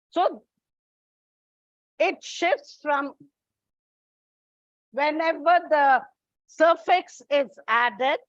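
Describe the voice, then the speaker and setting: A woman teacher giving a slow, deliberate English lesson to her students, explaining step by step. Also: high-pitched, dry recording. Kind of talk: classroom lesson. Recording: dull, lo-fi recording.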